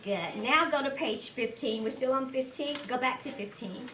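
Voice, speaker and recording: Woman teacher doing a reading group, kinda high voice, slow clear patient talk, picked up from across a noisy echoey room. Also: fairly bright tone. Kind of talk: guided reading lesson with young children. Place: classroom. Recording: echoey room from a distance, background noise.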